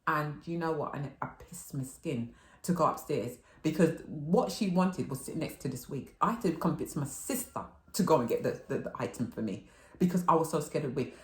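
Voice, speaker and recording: A middle-aged woman telling rambling, animated stories in a chatty haul video, swearing and laughing freely. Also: low-pitched, fairly quick. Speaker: vlogger. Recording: roomy echo.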